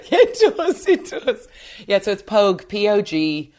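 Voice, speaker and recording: A woman with an Irish accent hosting a podcast interview, chatty and quick to laugh. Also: medium pitch, huge pitch swings, darkish tone. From Ireland. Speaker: podcast host. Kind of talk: casual interview chat. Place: home, at night.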